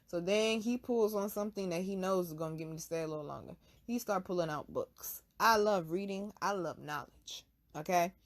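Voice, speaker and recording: A woman hosting her own channel, telling a personal story to camera in blunt, profane street slang, hushed one moment and loud the next. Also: lowish voice, a little fast. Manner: swings from hushed to loud bursts. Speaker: channel host.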